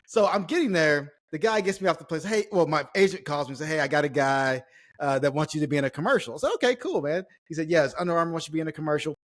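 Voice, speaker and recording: Guest, male, former ballplayer. Lively raconteur with a slightly high voice. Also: fast. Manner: animated storyteller, acts out quotes, swears casually. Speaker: former pro baseball player, guest. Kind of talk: casual storytelling chat.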